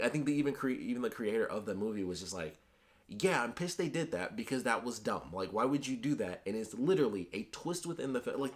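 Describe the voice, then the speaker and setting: Animated low-voiced man chatting about movies. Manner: animated, chatty, many filler words. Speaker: movie reviewer. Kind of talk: casual movie review.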